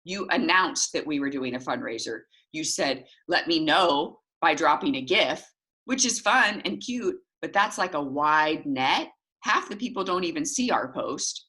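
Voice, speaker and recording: Low-voiced woman coaching a sales team. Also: unhurried. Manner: animated, acts out little dialogues with jumps in pitch.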